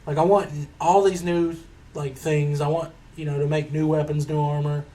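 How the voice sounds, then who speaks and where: Relaxed male panelist, slightly high-pitched, casual and profane. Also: normal speed. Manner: relaxed, laid-back storyteller who swears casually. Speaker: co-host. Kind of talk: casual gaming chat.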